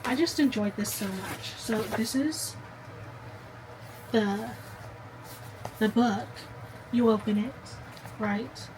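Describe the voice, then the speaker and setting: A young woman with a slightly high voice chats to the camera at home, gushing and talking straight to her viewers. A faint hiss sits under her voice. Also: slow, long pauses. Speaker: book vlogger. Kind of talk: casual chat to camera.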